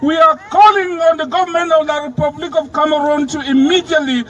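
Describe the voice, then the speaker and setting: A man addressing a street rally outdoors, speaking with passion and rising to a shout as he declaims his demands. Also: extremely high pitch, fairly even intonation, quick pace, slight background noise, poor audio. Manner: impassioned, declaiming.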